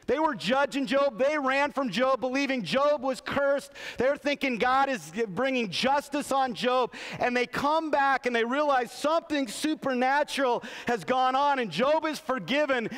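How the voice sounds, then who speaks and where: A man's voice: very high-pitched, expressive, measured pace, hardly any pauses, a bit bright. A middle-aged man preaching a sermon as pastor, earnest, often restarting his phrases. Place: large church sanctuary. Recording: long reverb of a church hall.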